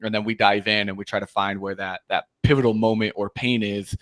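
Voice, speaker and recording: A man's voice: fairly low pitch, a little fast, dry recording. A man who coaches sales, chatting casually about cold calling and acting out bits of calls. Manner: animated, acts out call snippets.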